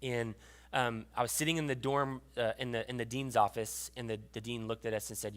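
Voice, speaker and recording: A young adult man giving a sermon as pastor, telling a personal story with emotion and often dropping to a hushed voice. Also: medium pitch, steady tone, brisk. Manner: storytelling, emotional, drops to a hushed voice at tender moments.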